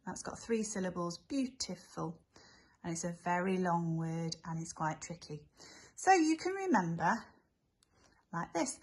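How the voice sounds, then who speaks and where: A woman teaching young children spelling tips in a gentle, sing-song way, spelling letters out slowly. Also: medium pitch, slightly rough. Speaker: infant school teacher.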